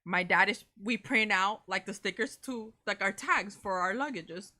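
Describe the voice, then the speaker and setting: A young woman, co-hosting a casual chat and telling a story in an animated way, swearing freely and saying "bro" a lot. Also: medium pitch, moderate pace. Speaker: co-host of a reaction channel.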